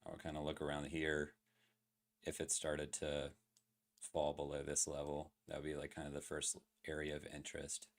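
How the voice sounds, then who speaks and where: A man's voice: a bass voice, monotone, normal speed, vocal fry. A man streaming live, talking casually through crypto chart analysis with lots of fillers and questions to his chat. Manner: loose, filler-heavy, asks chat questions.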